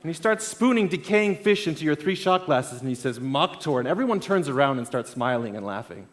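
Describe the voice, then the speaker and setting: A man giving a storytelling keynote talk at an event. He swings between loud bursts and quiet asides. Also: fairly high pitch, animated, fairly quick. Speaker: conference speaker. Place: event stage.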